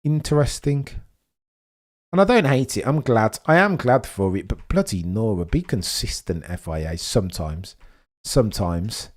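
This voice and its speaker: A young man hosting a live race watch-along stream, chatting with viewers and reacting excitedly as the race unfolds. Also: medium pitch, a little slow. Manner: excitable, chatty, reads chat messages, swings from muttering to excited shouting.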